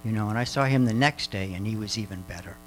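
A man's voice: fairly low pitch, fast, fairly bright tone, a little hiss or hum, rough recording. An older man telling a church audience about a mission trip, rambling with many fillers and restarts.

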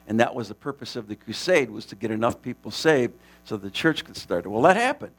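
Gravelly man telling a mission story. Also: mid-range voice, fairly quick. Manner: animated, laughing, rambling with restarts. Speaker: missionary preacher. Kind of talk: casual storytelling testimony.

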